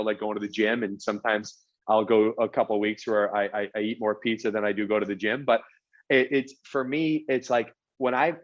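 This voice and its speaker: A man speaking at an ordinary pitch for a man, as a guest on a podcast. He talks earnestly in a casual chat and keeps stumbling over the first words of his sentences. The audio sounds a little dull and lo-fi. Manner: earnest, repeats words when starting sentences. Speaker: podcast guest, real estate executive.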